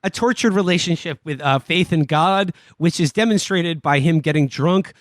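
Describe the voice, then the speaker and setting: A man co-hosting a casual comedy podcast, recapping a film plot in a halting way with lots of fillers and restarts. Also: a little high, no echo, studio quality. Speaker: podcast co-host.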